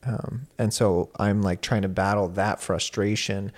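Young male guest, slightly low pitch, chatty storyteller with lots of fillers. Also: a little slow. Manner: animated, many fillers, laughs while telling. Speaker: university instructor and guest. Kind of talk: casual storytelling conversation.

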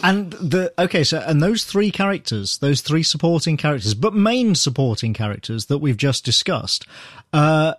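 Lively, laughing man podcaster. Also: a little high, normal speed, dry recording, studio quality. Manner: enthusiastic, laughs often. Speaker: podcast host. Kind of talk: casual podcast chat.

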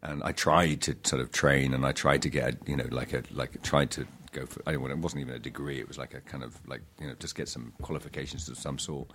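A man, an actor, chatting in an interview, halting with many restarts and fillers, self-deprecating. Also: rumbling low, steady tone, fairly bright tone, breathy edge. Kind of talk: casual interview chat.

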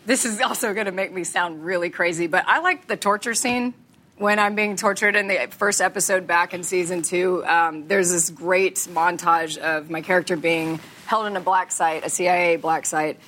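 A woman in her thirties speaking as a guest on a stage panel, candid and quick to laugh, swearing casually. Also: fairly low pitch, a bit bright. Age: 30s. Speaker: actress guest at a fan panel.

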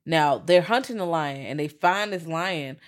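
Woman, low pitch, podcast co-host, casual movie recap, animated storytelling, profane slang. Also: unhurried.

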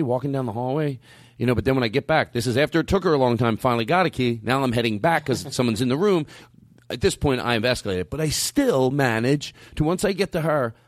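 Dry-sounding man telling an animated story. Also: no echo. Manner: animated, jumps way up in pitch acting out his own outbursts; rambling with frequent restarts and asides. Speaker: stand-up comedian. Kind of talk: casual storytelling chat.

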